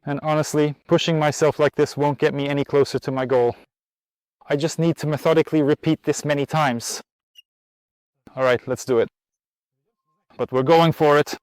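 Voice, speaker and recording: Male host, a bit high, breathless, casual coach talk, dry sound. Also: steady tone, normal speed, long pauses, a little mellow, smooth, no echo. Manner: tired, chatty, encouraging. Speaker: riding instructor and host. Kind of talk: casual outdoor lesson vlog. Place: outdoors at a riding spot in the heat.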